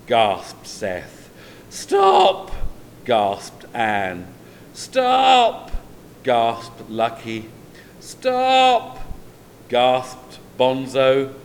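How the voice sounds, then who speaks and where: Male storyteller, very slow, lively read-aloud, faint rumble. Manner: expressive, drawn-out read-aloud delivery. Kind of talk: children's story reading.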